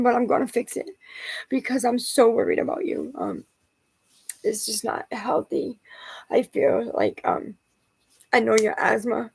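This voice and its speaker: A woman's voice: a little high, creaky, husky. A woman in her forties talking straight to the camera in a rambling, emotional personal vlog, often restarting her sentences as she vents. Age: 40s. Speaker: vlogger.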